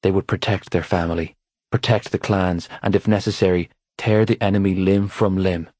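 A man narrating an audiobook in a steady, even storytelling voice on a close mic. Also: sits low, normal speed, dry recording. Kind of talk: scripted narration.

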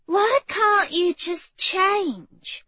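A woman's voice: very high voice, animated, extremely slow, bright, forceful tone, dry recording, pitched above the performer's own voice, heavily acted. A woman doing a blunt, urgent shape-shifting girl. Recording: dull, muffled audio.

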